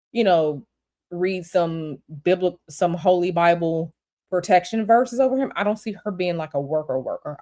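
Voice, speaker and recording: A woman reading tarot on a livestream, answering viewer questions in a blunt, animated, repetitive way. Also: fairly low pitch. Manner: blunt, animated, repeats herself. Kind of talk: casual livestream chat.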